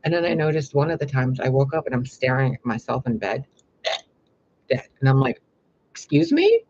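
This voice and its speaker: A man telling a long dream story to his viewers in a rambling, animated way with lots of fillers. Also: fairly quick. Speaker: spiritual vlogger. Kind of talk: casual storytelling to camera. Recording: slightly dull lo-fi with faint rumble.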